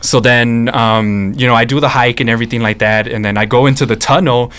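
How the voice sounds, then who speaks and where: A man's voice: medium pitch, steady tone, brisk, a bit bright. Young man telling stories, hesitant. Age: young adult. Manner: hesitant, full of fillers, storytelling. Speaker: guest videographer. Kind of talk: casual podcast conversation.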